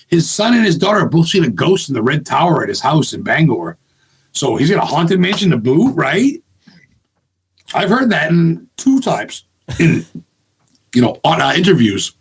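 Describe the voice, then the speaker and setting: A man from Maine, a guest ghost hunter, talking bluntly and excitedly with lots of swearing in casual podcast chat. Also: a little high, moderate pace, slightly rough. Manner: blunt, profane, rambling and excitable.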